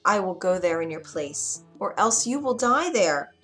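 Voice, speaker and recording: A kind, selfless young daughter from a storybook speaks softly and earnestly, as a woman reads her part. Her voice sits slightly above the storyteller's usual pitch. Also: big pitch swings, a little slow, soft background music.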